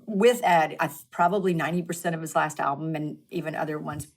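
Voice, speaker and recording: A woman's voice: low voice, fairly even intonation, quick pace. A woman in her fifties, chatting as a podcast guest in a casual, self-deprecating way and laughing easily. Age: 50s. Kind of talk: casual interview chat.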